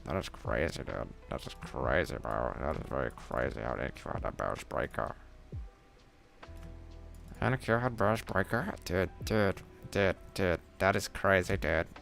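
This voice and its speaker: A stunned dude drawls in disbelief, his voice dropped to a rumbling bass, as a man puts him on. The voice is heavily gravelly and full of fry, with faint music playing underneath. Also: measured pace, fairly bright tone, full character voice.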